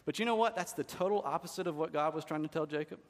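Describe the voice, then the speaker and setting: Pastor preaching in a reverberant hall. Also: male voice, on the high side, fast talker. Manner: conversational, asks the congregation rhetorical questions. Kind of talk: sermon.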